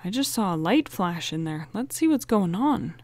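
A woman reading aloud, voicing a level-headed teenage boy detective who speaks calmly and encouragingly. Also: medium pitch, normal speed, dry recording, close to an everyday voice. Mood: steady. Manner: calm and encouraging.

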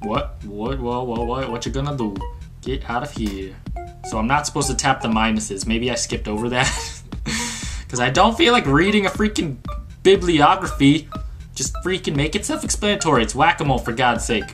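A man doing let's play game commentary, reading instructions aloud with sarcastic asides and breaking into panicky yelps and rapid exclamations. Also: mid-range voice, expressive. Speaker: gaming channel host. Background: game music.

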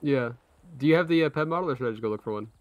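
A man's voice: mid-range voice, rapid-fire, no room sound. Laughing man in casual gaming chat. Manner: laughs often, joking and relaxed. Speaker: roleplay streamer.

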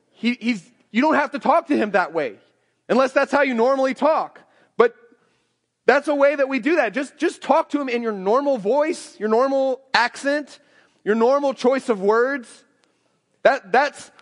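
A pastor with an extremely high, somewhat bright voice preaches conversationally, often repeating and restarting phrases. The recording comes from a church sanctuary whose hall gives a long reverb.

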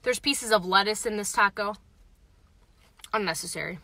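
Bright, chatty woman vlogging from her car. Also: medium pitch, moderate pace, creaky, no echo. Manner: chatty, frank, reads viewer comments aloud; talks while eating. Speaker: vlogger reviewing tacos. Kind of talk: casual live-stream chat. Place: parked car.

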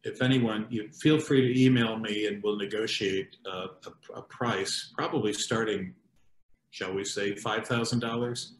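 A middle-aged man reading his own poems and chatting between them, in a slow, conversational way with hesitations and asides. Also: on the low side, steady tone, a little hiss or hum. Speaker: poet and painter. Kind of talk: poetry reading with chat. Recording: echoey room.

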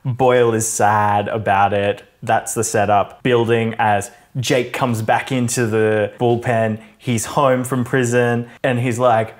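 A man co-hosting a podcast in casual chat, retelling scenes and acting out characters in lively put-on voices. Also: mid-range voice, a little slow, few pauses. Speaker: podcast co-host.

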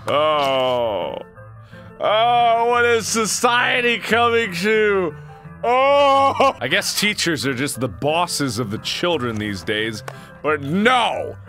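A man doing let's play commentary on a game, his voice swinging widely in pitch as he exclaims in horror and laughs often. It sits fairly high and sounds bright. He talks at an unhurried pace. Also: faint music behind. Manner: animated, horrified exclamations and frequent laughter. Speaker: gaming video host.

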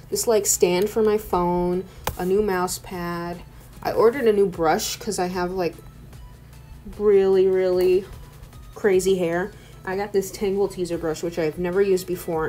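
A woman's voice: on the low side, dark tone. A young woman in her twenties rambling in a casual voice-over at home, chatty and loose, with "like" in nearly every sentence. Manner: chatty, rambling, full of "like" fillers. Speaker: art YouTuber. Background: faint background music.

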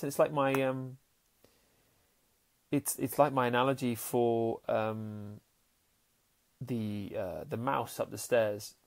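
A man's voice: mid-range voice, fairly even intonation, takes it slowly, creaky, pauses often. A man, a podcast host and happiness coach, talking earnestly in a casual monologue and often repeating his words. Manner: earnest, repeats words, acts out voices in stories.

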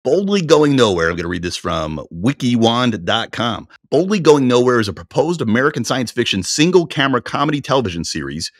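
A man co-hosting a casual podcast chat, animated and quick to laugh, sometimes reading aloud from notes. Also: mid-range voice, dry recording, studio quality. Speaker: podcast co-host.

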